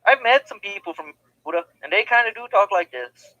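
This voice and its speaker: A man's voice: high voice, expressive, fast talker, bright, forceful tone, no room sound, lo-fi sound. A man co-hosting a podcast in casual chat, teasing and emphatic. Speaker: podcast co-host.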